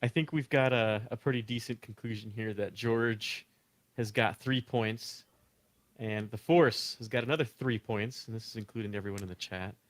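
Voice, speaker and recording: A man's voice: lowish voice, normal speed, no room sound. A man on a casual discussion panel, joking around and tallying audience votes from a chat.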